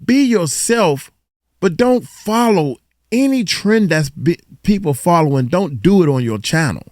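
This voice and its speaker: Animated man giving reaction commentary. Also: sits high, unhurried, no room sound, clean studio sound. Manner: animated, preachy, colloquial. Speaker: host reacting to a video.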